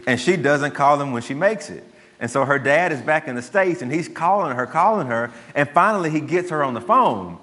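A man, a pastor giving a sermon and telling a story in a relaxed, conversational way. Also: fairly high pitch, fairly quick. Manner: conversational storytelling, dry asides to the congregation. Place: church sanctuary. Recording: long church hall reverb.

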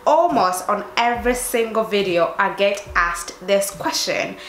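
A woman with a blended London and Northeast English accent chats straight to her viewers, mid-pitched and casual. Her voice rings in an echoey room with faint music underneath, picked up by a camera mic. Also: expressive, a little slow, fairly bright tone. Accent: mix of London and Northeast English. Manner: chatty, addressing viewers directly. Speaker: fashion YouTuber. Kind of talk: casual try-on haul.

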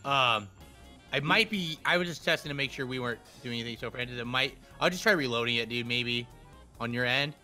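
A man's voice: mid-range voice, fairly quick, sharp tone, faint music behind. A man co-hosting a casual podcast, joking around and laughing often. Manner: jokey, laughing. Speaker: podcast co-host. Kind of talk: casual chat.

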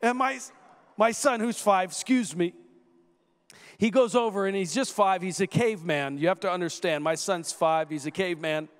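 Speaking at normal speed in a high register, a guest preacher in his thirties tells a family story during his sermon. He performs the voices with animation and climbs to shouting, all wrapped in long hall echo.

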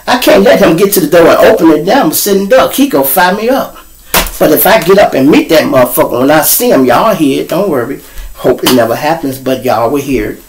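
A man runs his own live show, telling stories straight to his audience. His voice sits a little high for a man, and he swings from low mutters to sudden loud outbursts. He cusses freely all the way through. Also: creaky, a little hiss or hum, low-quality recording. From Chicago. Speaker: show host and storyteller. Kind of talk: casual monologue to a live audience. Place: home room.

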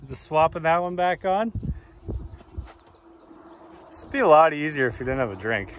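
A man's voice: a little high, big pitch swings, normal speed, a bit bright. A man hosting a casual vlog outdoors, laughing and teasing his friend while they work on a truck. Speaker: host of an off-road vehicle channel. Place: outdoors at a rural property. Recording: outdoor noise with vehicle sounds.

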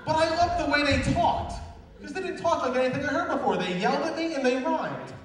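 A man doing a stand-up comedy set, telling stories in an animated way and acting out the people in them. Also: very high-pitched, a little fast. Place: live fundraiser stage before an audience. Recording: echoey distant room recording with crowd.

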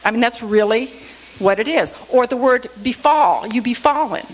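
A woman's voice: on the high side, normal speed, poor audio. A woman giving a Bible lesson in a church, explaining points step by step and often checking in with "okay?". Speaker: Bible teacher.

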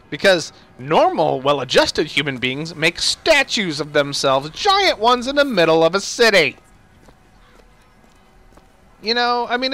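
A man's voice: high-pitched, sharp tone. A young man joking and laughing as he comments on a video game. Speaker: gamer. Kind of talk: let's play commentary.

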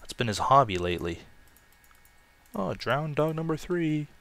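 A man casually commenting on his own gameplay, chatty and self-mocking, with loud excited outbursts. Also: a little high, unhurried, gravelly. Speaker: let's play gamer.

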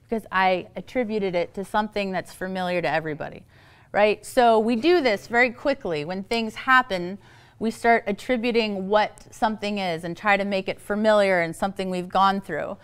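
A woman giving a storytelling talk on parenting to an audience, animated and acting out the voices she quotes. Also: medium pitch, moderate pace, clean tone. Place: event hall.

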